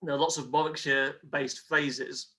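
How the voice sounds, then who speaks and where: A man's voice: fairly high pitch, flat delivery, normal speed, pushed and bright. A man explaining history as an interview guest, patiently, with examples.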